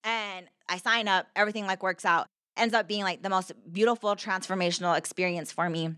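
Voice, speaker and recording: A woman's voice: mid-range voice, fairly even intonation, brisk, a bit bright, no echo, studio quality. A woman telling her personal story as a podcast guest, earnest and heartfelt, with lots of "like" fillers. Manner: earnest, heartfelt, heavy use of "like".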